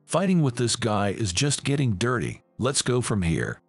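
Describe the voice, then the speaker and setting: A man voicing a calm, protective young lifeguard who speaks firmly. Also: mid-range voice, normal speed, slightly rough, no room sound, faint music behind, heavily acted. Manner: firm, steady.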